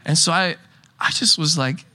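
Bright-voiced young male pastor, rambling. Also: fairly high pitch, moderate pace. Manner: rambling, restarts often, chuckles through anecdotes. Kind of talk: casual conversational sermon.

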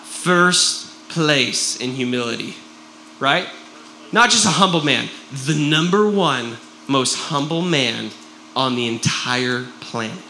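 A man preaching a sermon to a congregation, animated and jokey, with frequent "right?" asides. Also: medium pitch, slow pace, a little hiss or hum. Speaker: pastor. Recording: roomy echo.

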